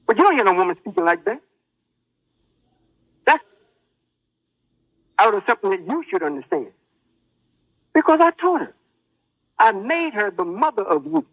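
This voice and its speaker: High-voiced boastful male preacher. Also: big pitch swings, normal speed, vocal fry, pauses often, no echo, highs cut off. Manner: boastful, menacing. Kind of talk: sermon.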